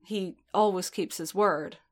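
A stubborn, guarded man in armor, as a woman reads him, speaking in tight, clipped words of held-back fury. The delivery stays lowish and slow, close to the reader's own voice. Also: natural voice. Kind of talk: fan fiction audiobook reading.

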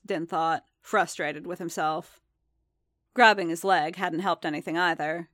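A woman reading a story aloud with a low, measured voice. The delivery is steady and unhurried, and the sound is dry and close with no room around it. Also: no room sound. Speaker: narrator. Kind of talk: reading fan fiction aloud.

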